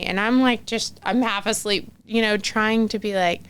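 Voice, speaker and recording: A young woman with a clean, resonant voice talks through a personal story on a podcast. She is chatty and loose, with frequent fillers, and she slips into quoting the people in her story. Her pitch sits in a middle range. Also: steady tone, unhurried, clear, resonant tone. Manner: chatty, many fillers like "like", acts out quoted dialogue. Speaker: podcast guest. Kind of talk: casual storytelling conversation.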